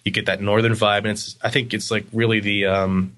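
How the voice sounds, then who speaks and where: A man in a casual interview, telling stories in a rambling, animated way with lots of fillers. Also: lowish voice, fairly quick. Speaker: agency guest.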